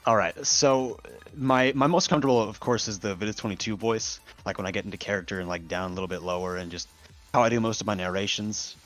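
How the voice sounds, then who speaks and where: A man's voice: on the low side, fast, a bit bright. A man talking casually as a guest on a podcast, laughing often and swearing now and then. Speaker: guest voice actor.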